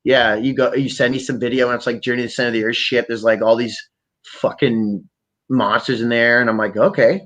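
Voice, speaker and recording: A man from Canada hosting a podcast, talking in a rambling, profane, animated way. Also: medium pitch, a little fast. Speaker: podcast host. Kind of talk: casual chat.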